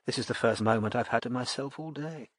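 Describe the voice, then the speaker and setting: A man reading an audiobook, voicing a slightly drunk, wistful aristocratic young mother in a soft, slow, dreamy voice. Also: medium pitch, no echo, clean studio sound, lightly acted. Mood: tipsy dreamy.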